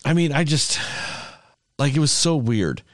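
A man's voice: a little high, sing-song, measured pace, no room sound, clean studio sound. A man co-hosting a film review podcast, talking emphatically and sardonically. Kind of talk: casual film review chat.

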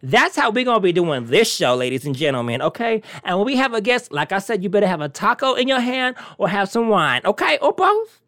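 A brash, teasing talk show host chatting casually to the audience. The pitch leaps and swoops all over in an animated way. The sound is dry and close, with no room around it. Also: a little fast, few pauses, no room sound. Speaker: podcast host. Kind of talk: casual solo chat.

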